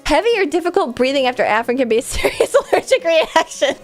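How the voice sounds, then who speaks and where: Sing-song, fast and pitched high, this woman's voice plays over faint background music. She's a streamer chatting casually through a congested nose, wandering off topic, leaning on fillers and laughing frequently.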